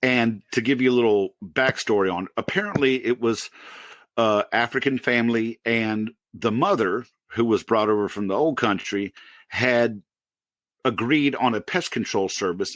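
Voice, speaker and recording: A man's voice: normal speed, dry recording. A man in his late forties, a podcast co-host telling a work story in a casual way, laughing often. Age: 40s. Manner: animated storyteller, pitches up for quoted outbursts, laughs often.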